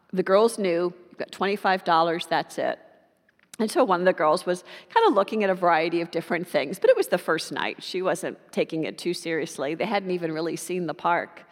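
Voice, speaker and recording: A woman preacher telling a story in a sermon, in an unhurried, warm anecdotal way. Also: on the low side, in a large hall.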